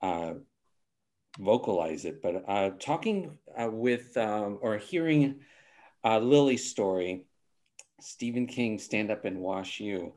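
A man's voice: on the low side, animated, takes it slowly, a little mellow. A man hosting a casual game show over a video call, thinking aloud and hesitating often.

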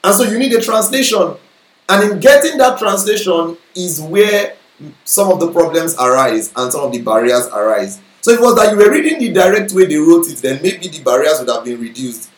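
A man's voice: fairly high pitch, big pitch swings, brisk, roomy sound, low-quality recording. A man teaching a Bible lesson in a sermon style, explaining step by step and often checking that listeners follow.

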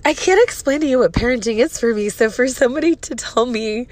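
A woman's voice: fairly high pitch, a little fast, hardly any pauses, darkish tone, no echo. A woman in her thirties with an emotional, profane, venting manner, hosting a casual personal podcast. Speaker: podcast host.

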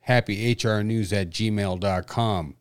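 A man from North Dakota co-hosts a podcast, his lowish voice smooth and the studio-quality sound free of echo. The banter is casual and crude; he's blunt, profane, and quick to tease his co-host.

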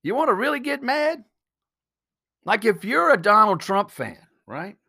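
Blunt, profane man with a forceful voice. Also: high-pitched, big pitch swings, measured pace, creaky, breathy edge. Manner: punchy rhetorical questions. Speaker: podcast host. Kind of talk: solo podcast monologue.

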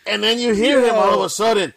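A man's voice: high voice, fairly even intonation, fast talker, creaky, a bit bright. A man in casual chat, teasing a friend and swearing a lot.

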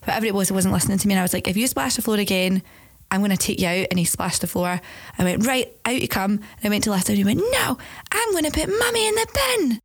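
Scottish woman, rapid speech, animated storyteller, podcast co-host, dry sound. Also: medium pitch, no echo. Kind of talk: casual chat.

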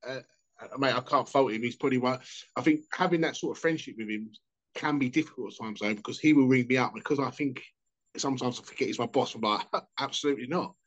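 Fast-talking sweary man, lo-fi. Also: medium pitch. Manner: sweary, jokey anecdote-telling. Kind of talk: casual storytelling chat. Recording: dull lo-fi sound.

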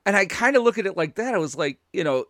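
A man's voice: high-pitched, animated, quick pace, fairly bright tone, no echo, clean studio sound. A man hosting a casual podcast, talking in a rambling way and restarting his sentences often. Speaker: podcast host.

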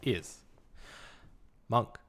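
A man's voice: drawn-out words, a bit bright. A man co-hosting a casual podcast, trading dry, teasing jokes. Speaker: podcast co-host. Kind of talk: casual chat.

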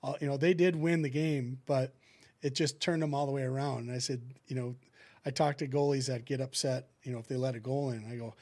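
A middle-aged man spins hockey yarns in an easygoing, conversational way. His voice sits at an ordinary middle pitch, and he slips into the voices of the people in his stories as he goes. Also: fairly quick. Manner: animated anecdotes, acting out what people said. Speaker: guest, former hockey goalie who coaches goalies. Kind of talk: casual storytelling in a podcast chat.

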